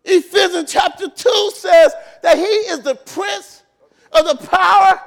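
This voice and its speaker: A man pastor preaching a sermon, shouting and emphatic, repeating phrases for emphasis in a church. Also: extremely high pitch, a little slow.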